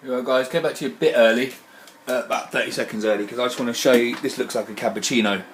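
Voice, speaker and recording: Sweary home brewer, roomy and distant. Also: male voice, mid-range voice, steady tone, rapid-fire. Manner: chatty, sweary, prone to exclamations. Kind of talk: casual brew-day vlog commentary. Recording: roomy, distant mic, faint background noise.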